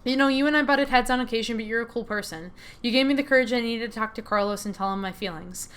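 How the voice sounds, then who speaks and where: Woman reading as a gentle supportive friend. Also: a little high, fast talker, clean tone, close to an everyday voice. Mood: encouraging.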